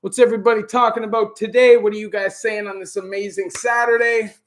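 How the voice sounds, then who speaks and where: A middle-aged Canadian man with a Canadian accent hosting a relaxed live Q&A stream, greeting viewers by name and filling gaps with "you know". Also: high-pitched, brisk. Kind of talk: casual live-stream chat. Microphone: camera on a stand.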